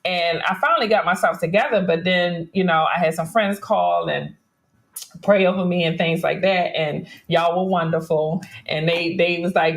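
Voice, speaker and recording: A woman's voice: fairly low pitch, moderate pace, gravelly, reverberant. A woman in her forties hosting a podcast, candidly and animatedly telling personal stories in casual chat. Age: 40s. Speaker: podcast host.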